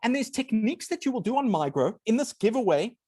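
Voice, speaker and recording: A man's voice: very high-pitched, fast, no echo. A man giving an earnest talk as a guest speaker, explaining ideas step by step. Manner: earnest, animated, often apologizes. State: briefly emotional. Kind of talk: presenting a talk on a video call.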